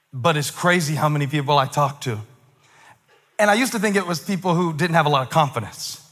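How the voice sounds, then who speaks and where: A male pastor delivers a sermon in a casual, talky way, joking at his own expense before driving points home with raised, emphatic lines. His voice sits high for a man and rings bright and forceful. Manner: chatty and self-deprecating, building to shouted emphasis. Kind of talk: conversational sermon.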